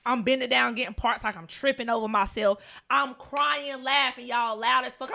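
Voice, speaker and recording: Animated, profane young woman storyteller. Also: on the high side, normal speed, creaky, hardly any pauses. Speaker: podcast co-host. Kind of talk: casual storytelling chat.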